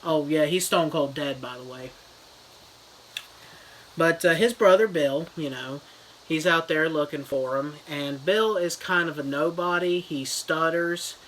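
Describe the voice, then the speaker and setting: A man's voice: fairly high pitch, measured pace, fairly bright tone, a little hiss or hum, low-quality recording. Rambling man retelling a story. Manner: loose, filler-heavy storytelling. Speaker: comedy reviewer. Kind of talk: rambling mock book retelling.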